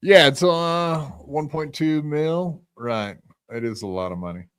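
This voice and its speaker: A man's voice: fairly high pitch, unhurried, a bit bright, clear, resonant tone, no room sound, studio quality. A man hosting a podcast in a loose, profane, rambling way, full of fillers and restarts. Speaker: podcast host. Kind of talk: casual podcast chat.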